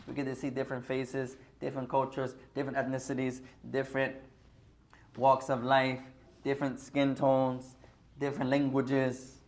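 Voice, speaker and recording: A man's voice: mid-range voice, monotone, moderate pace, a little mellow. Man teaching a mosque class. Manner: earnest, sprinkles Arabic phrases, addresses the congregation as brothers. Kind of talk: religious class talk.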